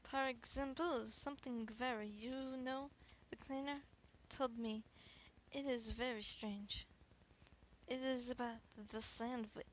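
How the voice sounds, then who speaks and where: A woman's voice: a little high, fairly even intonation, slow pace, a little hiss or hum, poor audio. A woman voicing a pompous male suspect in a game, with an exaggerated mock foreign accent. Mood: smug.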